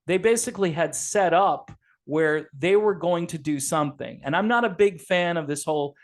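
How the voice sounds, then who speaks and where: A man's voice: a little high, moderate pace. A man hosting a podcast, talking casually and animatedly about politics, rambling with frequent fillers. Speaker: podcast host.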